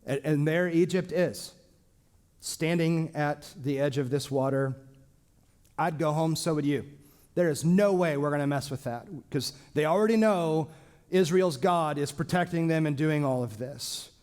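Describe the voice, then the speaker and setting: A man teaching a small church Bible class in a casual, joking way, with lively asides to his listeners. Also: a little high, a little slow. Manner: lively, joking, acts out quoted speech.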